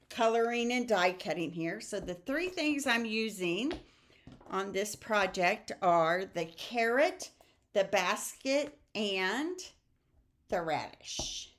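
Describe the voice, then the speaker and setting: A woman in her sixties, chatting in a homey, friendly way while she demonstrates card-making and coloring, breaking into little bits of song and laughter. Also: medium pitch. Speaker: crafting class host. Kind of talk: casual craft demonstration.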